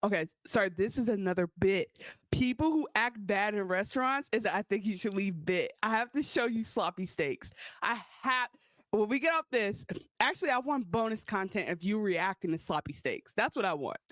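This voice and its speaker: A woman's voice: mid-range voice, expressive, moderate pace, a bit bright, no room sound. A woman co-hosting a podcast, blunt and joking as she reacts to the episode. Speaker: podcast co-host. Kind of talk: casual recap chat.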